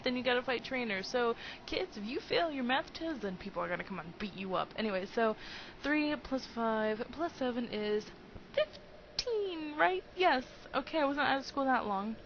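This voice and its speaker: A woman's voice: high voice, lively intonation, normal speed, muffled recording, a little hiss or hum. Giggly, hyper young woman gaming. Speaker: let's play host. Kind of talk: casual gameplay commentary.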